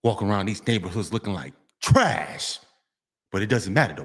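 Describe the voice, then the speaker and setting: A man's voice: on the low side, big pitch swings, normal speed, slightly rough. Preachy man lecturing on the street. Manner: preachy, repetitive, sing-song "baby" refrains. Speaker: vlogger. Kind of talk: street monologue vlog.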